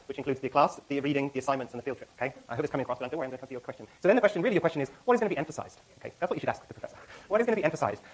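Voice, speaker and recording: Guy lecturing a college class, talks super fast, lots of ums, slightly high voice, lecture hall. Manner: rapid, self-correcting, many fillers. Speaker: university lecturer.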